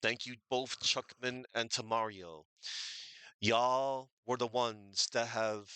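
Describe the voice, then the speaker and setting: Man, streamer sign-off chat, bright crisp voice, rambling and thankful, dry close mic. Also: lowish voice, no echo. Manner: rambling, thankful, chatty with fillers.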